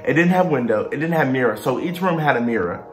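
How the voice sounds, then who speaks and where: A young man vlogging, telling a story with animated, exasperated delivery. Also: mid-range voice, fast talker, soft background music. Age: young adult. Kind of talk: storytime vlog. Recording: roomy echo.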